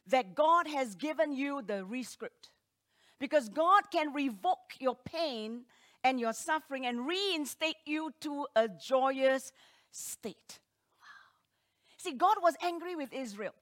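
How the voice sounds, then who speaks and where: A woman's voice: sits high, animated, slow pace. Emphatic woman preaching a sermon. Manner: emphatic, rhetorical questions, swings between loud and hushed.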